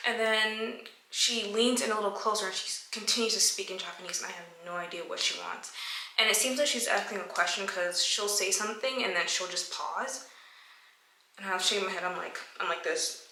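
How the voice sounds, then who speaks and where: Woman vlogger, chatty Q&A storyteller, crisp bright tone, roomy reverb. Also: mid-range voice, normal speed. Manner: chatty, acts out her own reactions in quotes. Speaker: lifestyle vlogger answering viewer questions. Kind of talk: casual Q&A storytelling. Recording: echoey room.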